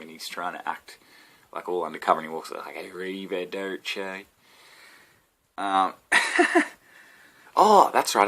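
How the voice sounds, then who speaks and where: A man's voice: low-pitched, bright, forceful tone. An Australian man, a comedian, rambling and swearing through an off-the-cuff vlog rant with a sore throat. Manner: meandering, swearing, self-interrupting. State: sick throat.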